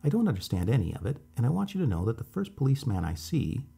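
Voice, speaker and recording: A man's voice: medium pitch, huge pitch swings, fast talker, gravelly, mellow, breathy edge, exaggerated voice. A man voicing a nervous, stiff middle-aged city man who talks in a flustered, insistent way. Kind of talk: storytelling voice.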